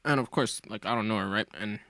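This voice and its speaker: A man's voice: on the low side, quick pace, sharp tone, no echo. A man as a podcast guest, talking in a casual chat, thinking aloud with fillers.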